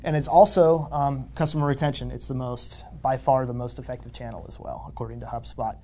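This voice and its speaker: A man presenting research findings in a steady, informative way, pausing now and then with fillers. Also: mid-range voice.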